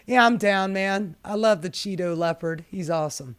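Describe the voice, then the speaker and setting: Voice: mid-range voice, moderate pace, few pauses. A host giving casual commentary while reading protest signs aloud, sassy and profane, laughing often.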